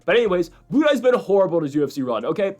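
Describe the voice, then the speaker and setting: A man's voice: high voice, big pitch swings, racing, a little mellow. A man hosting a casual talk show, rambling and opinionated, with many restarts and asides. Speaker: host. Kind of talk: casual chat.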